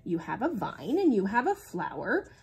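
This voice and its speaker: A woman voicing a wise old male owl in a storybook read-aloud, speaking slowly and deliberately. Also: medium pitch, huge pitch swings, gravelly, darkish tone, slightly rough, full character voice. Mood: instructive.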